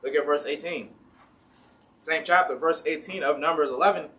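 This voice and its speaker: A man's voice: on the high side, moderate pace, a bit bright, distant mic, a little hiss or hum. A man with an Ohio accent preaching a casual sermon in a church, reading scripture and acting out the complaining people and God in everyday talk. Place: church sanctuary.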